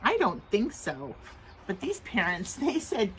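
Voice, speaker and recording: A woman teacher reading a picture book aloud to young children outdoors in the rain, in an expressive, sing-song storytelling manner. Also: mid-range voice, a little slow, poor audio. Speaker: preschool teacher. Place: outdoors in the rain near a road. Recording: traffic noise from passing trucks.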